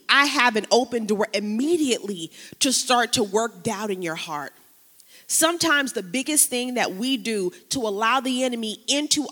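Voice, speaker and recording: A woman pastor preaching a sermon, moving between lively preaching, casual slang and quiet personal storytelling. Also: fairly high pitch, long reverb tail.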